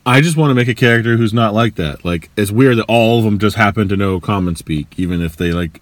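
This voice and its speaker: A man's voice: fairly low pitch, quick pace, hardly any pauses, dry recording. A man co-hosting a podcast, riffing on jokey ideas and acting out little bits of dialogue. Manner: riffing, jokey, acts out silly voices. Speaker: podcast co-host. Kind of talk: casual chat.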